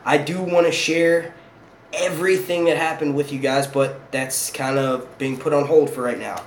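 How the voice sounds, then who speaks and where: A man's voice: fairly high pitch, level tone, normal speed, a little hiss or hum. A young man from Philadelphia, hosting his own channel and chatting casually, profane and rambling, laughing often. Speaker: YouTube channel host. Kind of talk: casual live stream chat.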